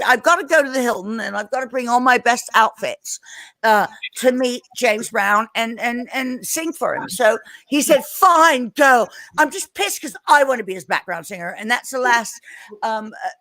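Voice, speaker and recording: A singer appears as a podcast guest and tells an animated story, emphatic and swearing she's telling the truth. She repeats words as she starts her sentences, and her voice is a little high, with no echo on a rough recording.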